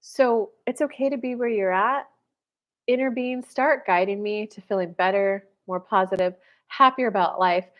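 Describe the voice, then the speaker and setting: A woman's voice: mid-range voice, normal speed, highs cut off. A woman hosting a casual spiritual livestream, giving readings and acting out the voices of people she describes. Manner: animated, acts out quoted voices.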